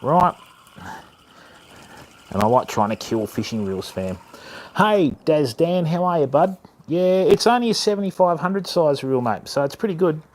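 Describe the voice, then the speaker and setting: Chatting casually with viewers on his fishing livestream, this Australian-accented man greets them by name and calls them mate and fam. His voice is medium in pitch with a darkish tone.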